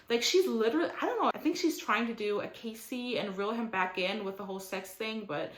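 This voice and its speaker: A woman's voice: fairly high pitch, a little fast, few pauses, echoey room. A young woman giving a casual recap of a reality show. She talks in a chatty, opinionated way, says "like" constantly and mocks the people she describes. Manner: chatty and opinionated, heavy use of "like", mocking quotes in character.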